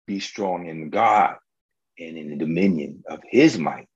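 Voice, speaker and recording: A man's voice: deep voice, a little slow, dull audio. A male preacher delivering an emphatic, colloquial sermon, firing rhetorical questions at the congregation.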